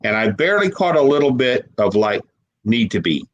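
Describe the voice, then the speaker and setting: A man as an interview guest telling a personal story, emotional and halting, repeating words as he holds back tears. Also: medium pitch, very animated, highs cut off. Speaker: guest paranormal investigator.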